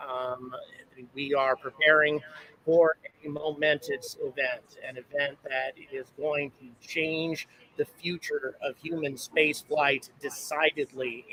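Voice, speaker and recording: A man's voice: on the high side, sharp tone, rough recording. A man hosting a live stream outdoors, rambling and chatty as he thanks viewers and reads out where they are watching from. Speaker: livestream host. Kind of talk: casual live stream chat. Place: outdoors at a launch site viewpoint. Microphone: own microphone on a handheld camera setup.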